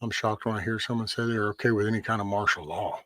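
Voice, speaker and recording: A man's voice: on the low side, fairly even intonation, fast talker, fairly bright tone, no room sound. A man hosting a casual livestream, ranting bluntly with lots of swearing and answering viewers' chat by name. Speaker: livestream host.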